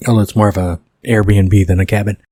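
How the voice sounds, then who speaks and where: A man's voice: fairly low pitch, level tone, a little fast, dark tone, no room sound, clean studio sound. A man hosting a podcast, reading his own screenplay and rambling through self-correcting asides about it. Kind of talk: casual podcast commentary on his own script.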